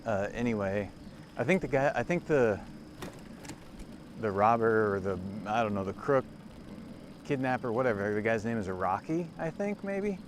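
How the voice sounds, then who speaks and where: This forties-aged livestreamer has a fairly low voice with lively intonation, talking at normal speed and pausing often. He rambles casually and amuses himself while riding a cargo bike by a lake, with clear outdoor background noise.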